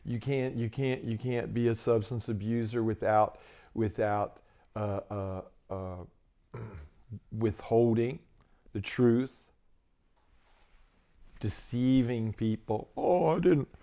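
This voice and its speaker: Slow-talking man telling a story. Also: medium pitch, fairly even intonation, warm tone. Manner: rambling, filler-heavy, laughs often. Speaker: minister and coach hosting his channel. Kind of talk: casual storytelling talk.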